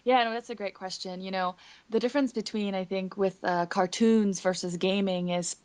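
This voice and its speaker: A woman's voice: mid-range voice, steady tone, darkish tone. A woman from Singapore, a voice actress, chatting as the guest of an interview over a conference call in a bubbly way. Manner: bubbly, chatty and quick to laugh. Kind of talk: casual interview answers.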